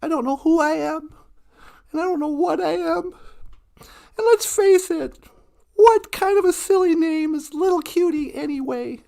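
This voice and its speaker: A woman's voice: very high voice, measured pace, vocal fry, long pauses, mellow, full character voice. A woman voicing a small, worried male teddy bear who stammers hesitantly in a spoken storybook. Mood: forlorn.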